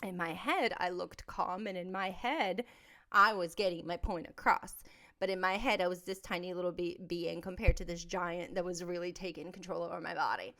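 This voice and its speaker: A woman hosting a podcast, telling a personal story in a candid, blunt and emphatic way, moving between soft asides and loud outbursts. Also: fairly low pitch, steady tone, moderate pace. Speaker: podcast host.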